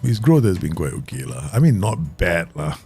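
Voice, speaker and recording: Excitable gravelly man playing a football game. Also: low voice, normal speed, soft background music. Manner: excitable, laughs often, talks to viewers. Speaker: gaming YouTuber. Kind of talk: Football Manager let's play commentary.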